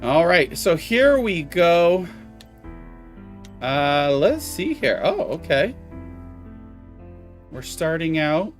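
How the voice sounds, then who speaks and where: A man's voice: fairly high pitch, sing-song, drawn-out words, pauses often, faint music behind. A man live-streaming a video game, chatting casually with viewers, exclaiming at the graphics and apologizing for hiccups.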